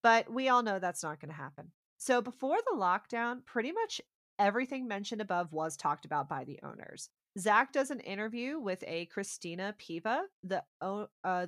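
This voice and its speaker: Animated woman recapping a show. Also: medium pitch, moderate pace, no room sound, clean studio sound. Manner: lively storyteller who acts out quotes. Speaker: podcast co-host. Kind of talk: casual chat recapping a TV episode.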